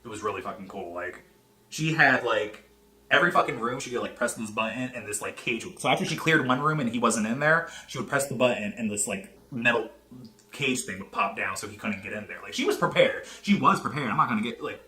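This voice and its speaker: A man giving a casual, animated movie review, talking fast and swearing a lot. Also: mid-range voice. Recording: echoey room.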